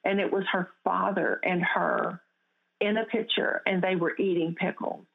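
Female guest, lowish voice, earnest storytelling with restarts, heard over a thin phone line. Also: fairly even intonation, normal speed, vocal fry. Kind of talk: testimony in an interview. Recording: tinny phone-line sound.

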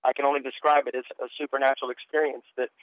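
Middle-aged preacher on a tinny phone line. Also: male voice, mid-range voice, flat delivery, very fast, no echo. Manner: earnest, repeats words when starting sentences. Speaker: guest preacher. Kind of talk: personal testimony storytelling.

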